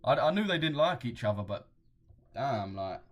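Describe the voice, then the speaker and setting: His mid-range voice has a sing-song lilt and a normal speed. As host of a casual trading livestream, the young man chuckles through viewer comments he reads aloud, blunt, slangy, and swearing freely.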